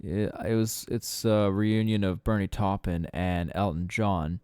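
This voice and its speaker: Male solo podcaster, loose rambling delivery, smooth mellow tone. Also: low voice, level tone, unhurried, no echo, clean studio sound. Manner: rambling, swears casually, frequent fillers. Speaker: podcast host. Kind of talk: casual solo rambling monologue.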